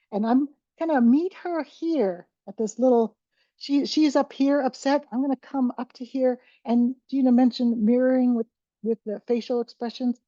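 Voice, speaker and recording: A woman's voice: fairly high pitch, warm tone, no echo, dull audio. A woman giving a conversational presentation to caregivers on dementia care, often restarting her sentences and acting out examples.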